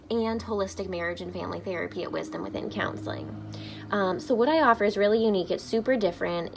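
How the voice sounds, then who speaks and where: A woman family therapist talks to the camera, giving parents information in an upbeat, informal way. Her medium-pitched voice has a creaky quality, and she uses "um" a lot.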